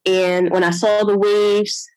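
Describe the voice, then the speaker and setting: A woman's voice: slow, no echo, poor audio. Woman recounting a story in a dry, close sound. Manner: animated, acts out her own past words in a higher voice; frequent fillers like "I'm like" and "you know". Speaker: guest telling her birth story. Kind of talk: casual personal storytelling.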